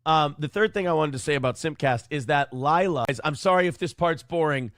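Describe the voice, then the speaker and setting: A man's voice: fairly high pitch, brisk, fairly bright tone, no room sound, clean studio sound. A man hosting a live-streamed morning talk show, sarcastic and combative, over and over saying he is sorry. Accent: Upper Midwest American. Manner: repeatedly apologizing, sarcastic and combative.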